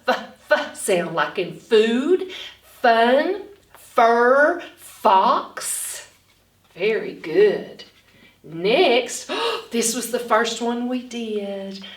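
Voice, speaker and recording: A woman reading a storybook aloud and then teaching phonics to children, animated and gasping, speaking slowly and clearly. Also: a little high. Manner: animated, with dramatic gasps, slow and clearly spoken. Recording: echoey room, far from the mic.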